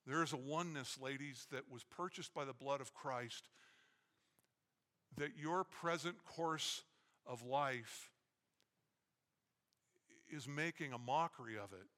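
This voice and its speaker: A man preaching a sermon emphatically, acting out quoted lines and pausing for effect. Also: mid-range voice, bright, forceful tone. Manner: emphatic preaching with dramatic pauses. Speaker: pastor. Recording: echoey hall.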